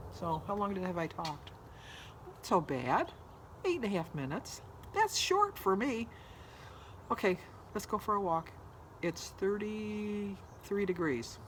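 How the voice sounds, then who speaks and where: A woman's voice: on the low side, a little hiss or hum. A woman vlogger talking casually to her viewers in a rambling, chatty way. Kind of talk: casual vlog chat.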